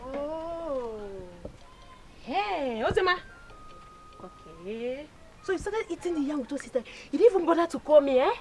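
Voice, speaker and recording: A woman's voice: mid-range voice, lively intonation, a little slow, pauses often, a little mellow, far from the mic, soft background music, close to an everyday voice. An actress with a Nigerian English accent playing a sister who reproaches her siblings about shared food. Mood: reproachful. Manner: reproachful, teasing.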